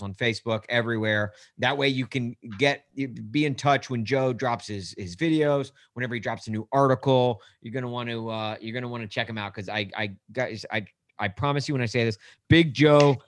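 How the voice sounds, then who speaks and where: A man hosting a podcast in casual chat, laid-back and quick to laugh. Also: medium pitch. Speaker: podcast host.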